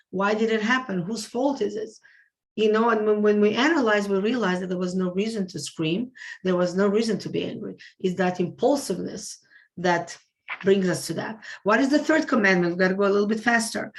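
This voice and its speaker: A woman giving a religious class to women, speaking earnestly, repeating words and asking and answering her own questions. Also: mid-range voice. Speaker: rebbetzin teaching a women's class.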